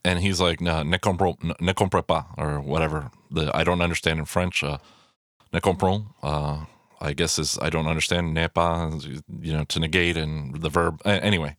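A man's voice: a bass voice, fairly even intonation, normal speed, a bit bright, no room sound, clean studio sound. A man giving casual, rambling film commentary, swearing freely and full of fillers and restarts.

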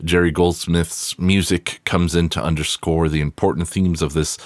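Very deep-voiced, profane podcast host. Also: male voice, fairly even intonation, moderate pace, no echo, studio quality. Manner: profane, wry, rambling asides. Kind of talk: casual solo movie review.

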